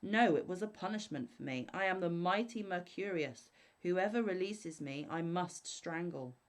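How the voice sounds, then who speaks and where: A woman voicing a mighty male spirit from a bottle who is haughty and menacing, squealing shrilly when trapped and booming when free. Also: normal speed, natural voice. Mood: booming threat.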